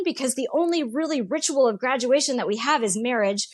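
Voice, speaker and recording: A woman's voice: high voice, brisk. A woman guest giving an earnest, emphatic personal faith testimony in conversation, speaking in short repeated phrases. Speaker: podcast guest.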